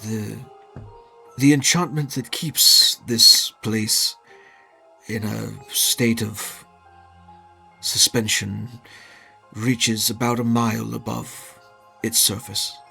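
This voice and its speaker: A man voicing a calm old leader of freed prisoners, speaking slowly in a put-on accent. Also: fairly low pitch, vocal fry, breathy edge, soft background music, exaggerated voice. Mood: measured. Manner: slow, measured speech in a put-on accent.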